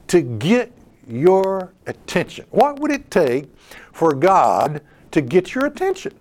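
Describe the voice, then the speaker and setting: Male preacher, high voice, lively and swooping, heavy on rhetorical questions. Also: takes it slowly. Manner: animated, rhetorical questions, repeats words. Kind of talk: sermon.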